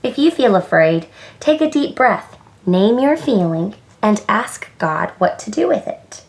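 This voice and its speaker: Woman reading storybook dad, calm, gentle, coaching. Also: mid-range voice, unhurried, gravelly. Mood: reassuring. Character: calm, reassuring father.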